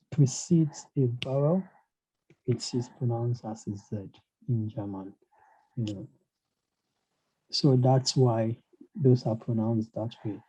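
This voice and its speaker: Slow, hesitant male language teacher. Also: mid-range voice, dark tone, slight background noise, low-quality recording. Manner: hesitant, many fillers and "you know"; asks learners questions, encouraging. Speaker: German teacher. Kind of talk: online language lesson.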